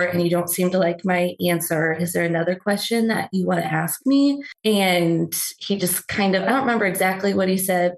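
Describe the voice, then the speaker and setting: A woman with a gravelly, fry-laced voice that sits a little low. She tells her family story in a chatty way, stopping for fillers as she goes. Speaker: caller seeking advice. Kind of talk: casual storytelling.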